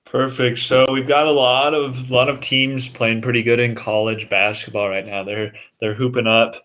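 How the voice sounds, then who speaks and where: A man's voice: mid-range voice, level tone, moderate pace, fairly bright tone. A man on a casual sports chat posing a discussion question to co-hosts. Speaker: podcast co-host.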